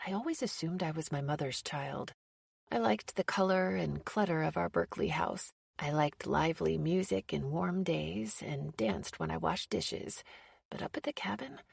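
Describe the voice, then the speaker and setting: Audiobook narrator, woman, low and gravelly, measured and intimate, dry close sound. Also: dry recording. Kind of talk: scripted first-person audiobook narration.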